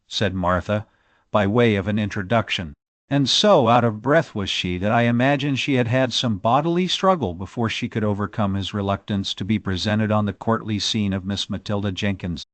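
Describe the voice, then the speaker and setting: A man narrating a classic novel as an audiobook, in expressive, measured storytelling. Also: lowish voice, no room sound.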